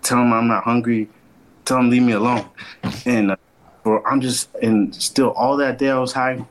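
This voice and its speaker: A young man with a mid-range voice and little pitch movement tells a long podcast story at a moderate pace over a rough recording. Relaxed and slangy, he swears a lot and acts out what everyone said in their voices.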